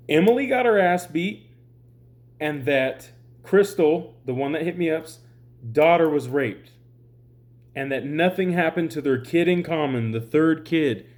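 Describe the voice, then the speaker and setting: An online commentator, exhausted from lack of sleep, rants at his viewers in a heated vlog, rambling and exasperated, swearing often. His voice is fairly high and a little mellow.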